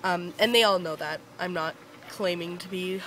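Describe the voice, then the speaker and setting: A woman's voice: lowish voice, moderate pace, fairly bright tone, slight background noise, low-quality recording. A young woman from Northern Ontario chatting casually to camera outdoors, with lots of fillers and a giggly, rambling way of telling stories. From Northern Ontario, Canada. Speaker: beauty vlogger.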